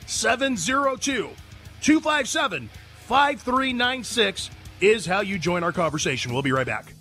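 A male talk radio host delivers an emphatic monologue full of rhetorical questions. His voice sits high and bright, and it swings widely in pitch as he tells stories. His delivery is lively and sharp. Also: unhurried, faint music behind.

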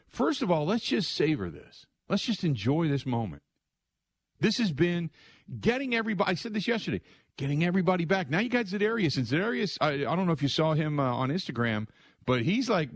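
A middle-aged man hosting a sports radio show, telling stories in an excitable, conversational way and acting out other people's lines. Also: a little high, fairly quick, no echo. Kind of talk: animated storytelling monologue.

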